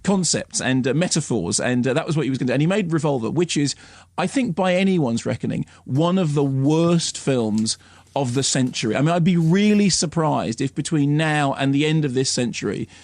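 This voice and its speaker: A male film critic on a radio show, talking in a somewhat high voice with a sardonic, ranting edge. He slips into mocking impressions as he goes. The studio sound is close and dry. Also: expressive, a little fast, darkish tone, no room sound.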